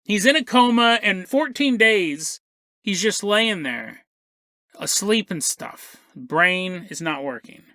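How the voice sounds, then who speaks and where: A man's voice: high voice, expressive, slow pace, pushed and bright, no room sound, studio quality. A man hosting a podcast, telling a story in a jokey, rambling way and laughing often as he goes. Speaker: podcast host. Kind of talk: comedic storytelling monologue.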